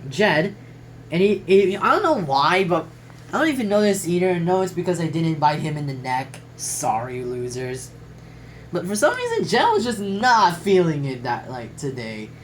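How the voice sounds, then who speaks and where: A woman with a fairly low voice reads from a journal, riffing on each entry in a casual, rambling way. Her pitch jumps around a lot, and she swears casually and trails off mid-sentence. A faint hiss sits under her voice. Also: poor audio. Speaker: classmate reading out a class quote journal.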